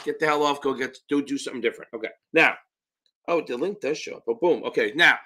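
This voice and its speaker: Hosting a live-stream Q&A, an exam prep tutor speaks fast in a mid-range voice with a bright, forceful tone. He's brash, profane, and blunt, punctuating his talk with emphatic interjections.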